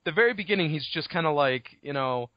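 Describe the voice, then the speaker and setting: A man co-hosting a casual book podcast, retelling the story in an animated way, swearing freely and laughing often. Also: a little high, quick pace, no echo. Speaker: podcast co-host. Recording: dull lo-fi dry recording.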